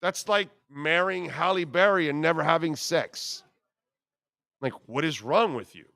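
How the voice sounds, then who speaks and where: A man in his fifties hosts sports talk radio with a slightly high voice. He tells stories in a brash, profane, joking way. The studio sound is dry and close. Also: a little slow, gravelly, pushed and bright, no echo.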